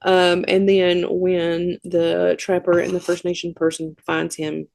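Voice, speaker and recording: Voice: mid-range voice, unhurried, gravelly, dry recording. A podcast co-host chattily recapping a film scene by scene, tossing in wry asides. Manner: chatty, animated storytelling with asides. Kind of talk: casual movie recap.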